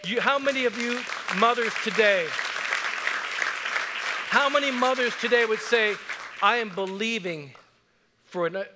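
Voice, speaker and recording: A man's voice: very high-pitched, unhurried, pauses often, a loud crowd, very noisy. A middle-aged man preaching a sermon, telling stories earnestly and building to emphatic declarations. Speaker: pastor. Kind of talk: sermon storytelling.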